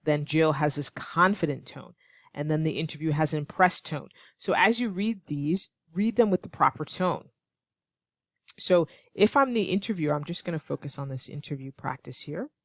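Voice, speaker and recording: A woman teaching English online, explaining clearly and patiently, now and then acting out example lines to show tone. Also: deep voice, moderate pace, no room sound, clean studio sound. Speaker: ESL teacher.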